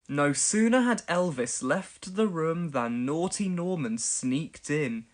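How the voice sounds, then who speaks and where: A woman narrating a children's storybook for a read-along. Her voice is expressive and animated. She sounds like a warm bedtime reader. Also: low voice, takes it slowly, hardly any pauses.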